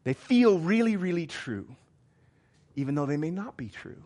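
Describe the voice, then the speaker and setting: A man's voice: fairly high pitch, expressive, normal speed. Earnest male pastor preaching a sermon. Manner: earnest, swings from emphatic to hushed.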